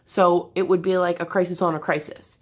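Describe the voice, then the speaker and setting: A woman vlogger talking candidly to the camera from her bed, in a halting, hesitant way with many restarts. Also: fairly low pitch, level tone. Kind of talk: candid personal talk to camera. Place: bedroom, sitting on an air mattress.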